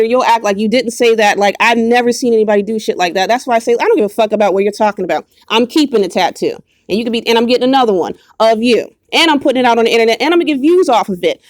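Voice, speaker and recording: A woman's voice: on the high side, dry recording, clean studio sound. Woman ranting, profane and mocking. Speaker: vlogger. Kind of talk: angry direct-to-camera rant.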